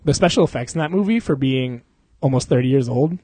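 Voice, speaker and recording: A man's voice: mid-range voice, lively intonation, a little fast, warm tone. A young man co-hosting a podcast in casual chat, rambling, slangy and laughing often. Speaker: podcast co-host.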